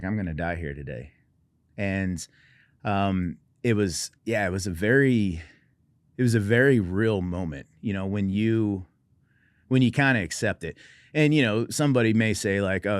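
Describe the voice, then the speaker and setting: A man's voice: lowish voice, smooth, no room sound, clean studio sound. A middle-aged man from Oregon, a military veteran guest telling his story in a wry, understated, self-deprecating way. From Oregon, USA. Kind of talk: personal storytelling in conversation.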